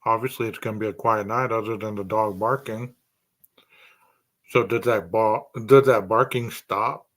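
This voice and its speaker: A man's voice: lowish voice, fairly even intonation, normal speed, a bit bright. A man hosting a true crime podcast, speculating aloud through a string of rhetorical questions.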